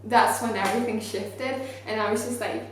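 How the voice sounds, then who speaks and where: A young woman who is not a native English speaker, telling a story to camera in an earnest, animated way with lots of "like". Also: a little high, moderate pace. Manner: earnest, animated, many fillers like "like". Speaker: vlogger. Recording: very echoey space with faint ambient noise.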